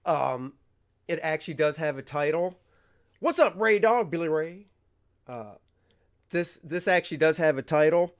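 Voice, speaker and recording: A man's voice: fairly high pitch, moderate pace, long pauses. A man, a comic artist, chatting casually on a livestream, rambling, reading viewer questions aloud and acting out his panels. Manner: rambling, reads chat aloud, acts out panels.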